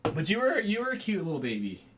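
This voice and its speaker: A man's voice: high-pitched, huge pitch swings, quick pace, a bit bright, a little hiss or hum. A man in his thirties hosting a casual home livestream, rambling and chatting with viewers and often exclaiming as he goes.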